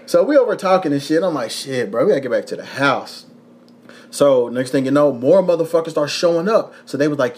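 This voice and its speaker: A young man from Kentucky, USA, with a Kentucky accent, hosts a podcast and tells a rowdy story in casual chat. His storytelling is profane and animated, full of cursing and acted-out quotes. His voice is a little high and brisk.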